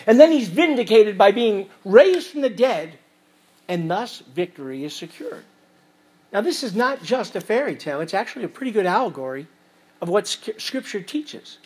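Man, pastor, husky voice, expository sermon, loud emphasis, quiet asides. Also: high-pitched. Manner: reads scripture aloud, swings between loud emphasis and quiet asides.

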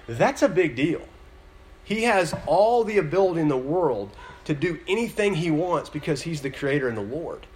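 A man's voice: on the high side, very animated, moderate pace, slight background noise. A man giving a sermon in a conversational style, full of fillers and restarts, now and then building to an emphatic point. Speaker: pastor.

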